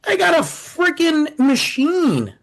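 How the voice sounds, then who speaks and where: A man in his forties, co-hosting a podcast, telling stories in a casual, animated way and acting out the quotes. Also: very high voice, slow, low-quality recording. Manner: animated, acts out quotes with shifting voice. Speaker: podcast co-host. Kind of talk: casual storytelling chat.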